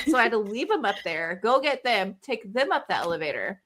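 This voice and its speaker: A woman's voice: fairly high pitch, very animated, quick pace, few pauses, fairly bright tone. A young adult woman hosting a podcast, telling a story in casual chat and acting out her kids' voices. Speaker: podcast host.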